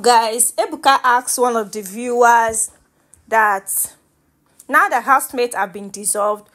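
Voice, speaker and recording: A woman's voice: fairly high pitch, a bit bright. A woman with a Nigerian accent giving casual, chatty gossip commentary on a reality show, slipping into pidgin and laughing along.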